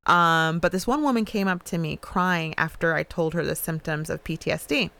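A woman guest who researches trauma, explaining her work in an animated, storytelling way during a casual interview. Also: low voice, moderate pace, creaky.

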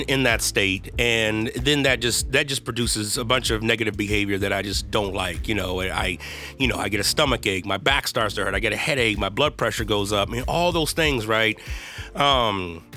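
A man's voice: on the low side, pushed and bright. A man hosting a podcast, talking candidly and earnestly about his own struggles, with casual slang and lots of "right?" and "y'all". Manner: earnest and self-deprecating, with loose slang and frequent "right?" and "y'all". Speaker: podcast host. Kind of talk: candid confessional podcast talk.

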